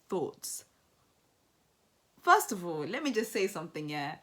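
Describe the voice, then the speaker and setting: A young woman giving casual reaction commentary, animated and emphatic, repeating phrases for effect. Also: on the low side, a little slow, long pauses. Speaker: commentary vlogger.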